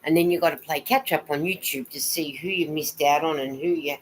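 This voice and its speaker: A woman's voice: low voice, brisk, a little hiss or hum, low-quality recording. A woman hosting a casual live stream, knitting as she talks, chatty and rambling as she greets viewers and reads their comments aloud.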